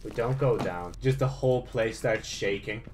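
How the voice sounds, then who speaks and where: A young man commentating his own video game play, swearing often and jumping from low muttering to sudden yelps. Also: moderate pace, a little mellow, slight background noise. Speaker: gaming channel host. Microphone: desk mic with audible mouse clicks.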